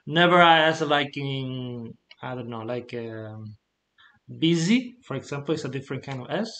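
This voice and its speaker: A man from Spain with a Spanish accent, a tutor patiently explaining pronunciation over a video call with slow examples. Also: mid-range voice, a bit bright, slight background noise. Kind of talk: online one-to-one language lesson.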